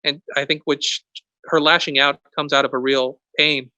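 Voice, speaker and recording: A man's voice: on the high side, flat delivery, moderate pace, bright, forceful tone, smooth, no echo, dull audio. A priest speaking to young people in an earnest, conversational way, often restarting his sentences. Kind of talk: youth talk sermon.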